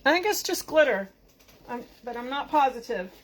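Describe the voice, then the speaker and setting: A woman's voice: high-pitched, lively intonation, normal speed. Chatty Boston-accented woman crafting. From Boston area. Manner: chatty, bubbly, rambling asides to viewers. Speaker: craft tutorial host. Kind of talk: casual live craft tutorial.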